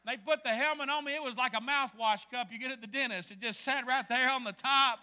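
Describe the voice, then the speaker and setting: A man preaching a sermon as a pastor, telling a story in an animated way and acting out voices. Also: very high voice, brisk, clean tone, in a large hall. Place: church hall.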